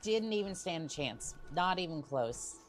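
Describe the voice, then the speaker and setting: A woman streamer chatting to her viewers in a jokey, relaxed way as she plays through a game. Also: fairly low pitch, measured pace, faint music behind. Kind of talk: casual gameplay commentary.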